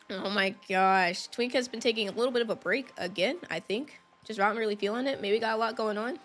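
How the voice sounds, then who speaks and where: A woman's voice: medium pitch, a little fast, hardly any pauses, fairly bright tone. A woman streamer chatting casually with her viewers while playing a game, laughing often, her voice still recovering after she lost it. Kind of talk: casual live-stream chat.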